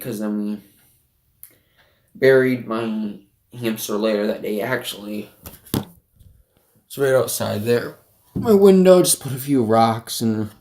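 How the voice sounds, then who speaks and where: A teenage boy speaks to his camera in a low-pitched, sniffly voice. He stumbles through fillers and broken restarts. The sound is roomy, with his voice set back from the mic. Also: darkish tone. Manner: halting, with many fillers and restarts. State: sniffly, emotional. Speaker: vlogger. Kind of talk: personal confessional vlog. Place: bedroom at home. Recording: roomy, from some distance.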